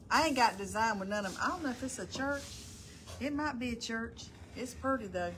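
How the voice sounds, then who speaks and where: A middle-aged woman, hosting a casual live stream. Her voice sits a little higher than most and runs on in a chatty, folksy ramble as she calls out viewers by name. Faint background hiss sits under her voice. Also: animated, moderate pace, fairly bright tone.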